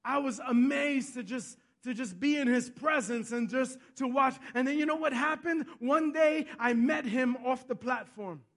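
A man preaching a sermon as pastor, telling stories and asking "Amen?", swinging between hushed and loud. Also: very high voice, normal speed, few pauses. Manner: storytelling, repeats himself, asks the congregation "Amen?".

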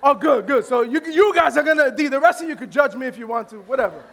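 Male pastor, very high voice, animated, self-deprecating comic sermon storyteller. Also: fast, gravelly. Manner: animated, self-deprecating, laughing, repetitive restarts.

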